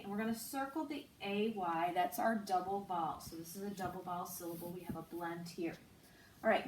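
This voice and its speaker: A woman teacher giving a slow, patient online phonics lesson, spelling out letters and sounds. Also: medium pitch. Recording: roomy, distant mic with faint noise.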